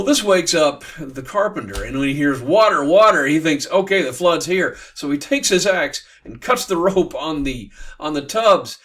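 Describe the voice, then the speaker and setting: A man teaching literature by retelling a bawdy classic tale in a playful, animated way. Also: fairly high pitch, distant mic.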